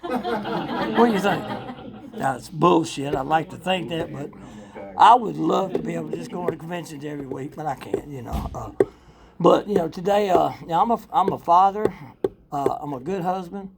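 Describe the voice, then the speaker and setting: An older man giving a blunt, profane recovery testimony to a live audience. He rambles with fillers, laughs often, and swings between loud and quiet. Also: fairly high pitch, animated, moderate pace, gravelly, crowd noise. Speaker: speaker sharing at a recovery convention workshop.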